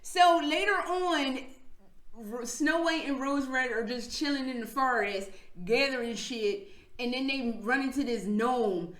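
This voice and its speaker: A woman's voice: sits high, measured pace, fairly bright tone. A woman vlogging, retelling stories in a casual, profane, slang-heavy way with frequent laughs. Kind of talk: casual storytelling vlog. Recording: echoey room.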